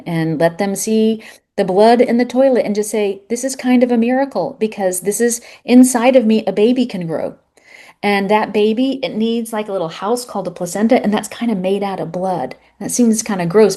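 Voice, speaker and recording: Mellow-voiced woman telling stories. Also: mid-range voice. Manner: animated storyteller, acts out little scenes. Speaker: guest, women's health author. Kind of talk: casual podcast interview.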